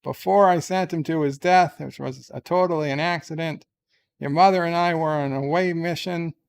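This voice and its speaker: A man's voice: fairly high pitch, fairly even intonation, normal speed, vocal fry, clear, resonant tone. A man voicing a stern, commanding older starship captain who scolds. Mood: solemn.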